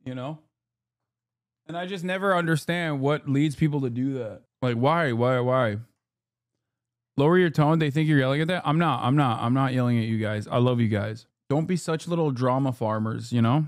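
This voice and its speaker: A man's voice: on the high side, normal speed, dry recording, clean studio sound. A man reacting on a live stream, arguing with a clip and joking with his chat in a heated, profane way.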